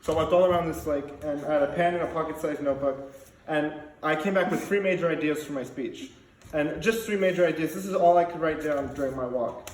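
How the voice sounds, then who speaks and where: A man in his twenties giving a comic wedding speech as the groom's son, with deadpan jokes and laughing asides. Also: on the high side, a little fast, slight background noise. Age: 20s. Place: wedding reception hall. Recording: roomy hall recording from a distance, loud crowd. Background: wedding guests laughing.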